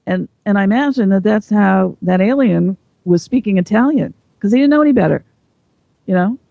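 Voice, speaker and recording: A woman with a gravelly, fry-edged voice talks as a guest in a casual interview, explaining things at length and thoughtfully. The sound is dull and lo-fi, close and dry with no room around it. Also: mid-range voice, expressive, moderate pace, warm tone, no echo.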